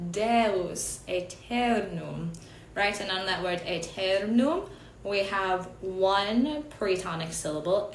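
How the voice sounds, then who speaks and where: Thirties woman lecturing on chant, chatty with asides, roomy echo, bit of hiss. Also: medium pitch. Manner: chatty and explanatory, with asides and light laughs. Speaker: teacher of Gregorian chant. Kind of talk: lecture over slides. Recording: echoey room, faint background noise.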